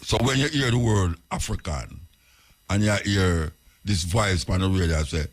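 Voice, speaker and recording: Jamaican male radio host, low and raspy, urging and questioning. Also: lively intonation, measured pace. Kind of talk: radio talk monologue.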